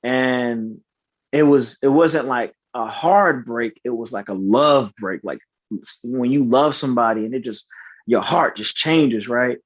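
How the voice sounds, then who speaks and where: A man in his thirties, a podcast guest, telling a personal story in a halting, earnest way with many restarts and fillers. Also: medium pitch, dry recording. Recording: slightly dull, dry recording.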